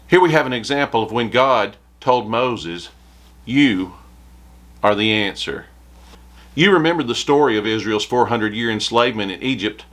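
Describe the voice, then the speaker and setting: A man's voice: medium pitch, animated, brisk, few pauses, fairly bright tone. A man preaching a short devotional sermon, reading scripture aloud with rising emphasis.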